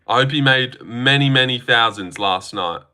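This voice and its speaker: A man hosting a casual livestream, chatting with viewers and reacting in an animated, sweary, teasing way. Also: medium pitch, moderate pace, slight background noise. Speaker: livestream host.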